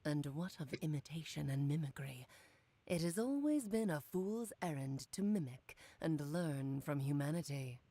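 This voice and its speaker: A woman's voice: low-pitched, expressive, moderate pace, mellow. A woman voicing a grand, playful mage mother in a video game, speaking in a lofty, teasing and dramatic way.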